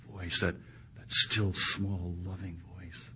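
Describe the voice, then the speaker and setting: A male preacher delivering a sermon to a live congregation, dropping to hushed, intimate lines and then rising to loud, emphatic ones. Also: sits low, level tone, slow, husky. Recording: muffled recording with faint background hiss.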